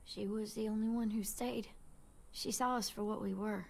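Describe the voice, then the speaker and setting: A woman's voice: mid-range voice, steady tone, moderate pace, creaky, lightly acted. An actress playing an earnest young woman grieving someone who raised her, in a game. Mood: tender.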